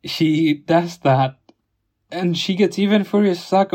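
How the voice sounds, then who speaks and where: A man's voice: high-pitched, takes it slowly, darkish tone. A young man who grew up in Italy, telling a story about his day in an indignant, rambling way with restarts. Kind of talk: storytime monologue.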